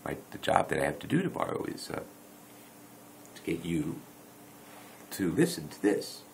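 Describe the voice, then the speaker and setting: A man rambles to his viewers late at night, correcting himself and teasing them along the way. His voice sits low with a gravelly edge, and his pitch swings up and down freely. He speaks into a dedicated microphone. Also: big pitch swings, moderate pace, a little hiss or hum, low-quality recording. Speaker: video blogger. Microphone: dedicated microphone rather than phone.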